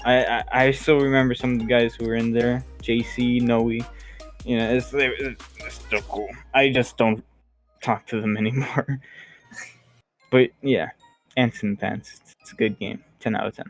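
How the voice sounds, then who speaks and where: Young guy, middle pitch, jokey and stumbly, faint music under it. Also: fairly even intonation, normal speed. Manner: joking, stumbles and laughs. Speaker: podcast co-host. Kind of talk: casual chat.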